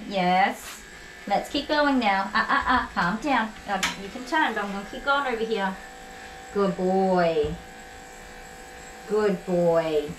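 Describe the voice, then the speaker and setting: A woman dog groomer, talking softly and chattily to a dog as she works, with asides to viewers. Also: medium pitch, a little hiss or hum. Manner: soothing, repetitive praise, chatty. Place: grooming salon. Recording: echoey room. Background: electric clippers buzzing.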